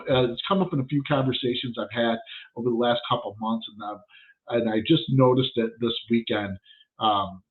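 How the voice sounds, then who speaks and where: Blunt, profane man, tinny sound. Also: mid-range voice. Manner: blunt and profane, storytelling with lots of swearing. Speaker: podcast host. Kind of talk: casual monologue.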